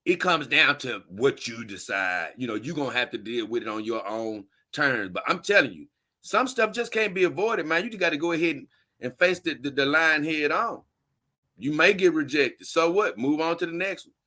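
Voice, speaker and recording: A man's voice: a little high, lively intonation, moderate pace, pushed and bright. A man hosting a casual livestream, reading viewer comments and giving blunt, preachy, slangy advice with emphatic delivery.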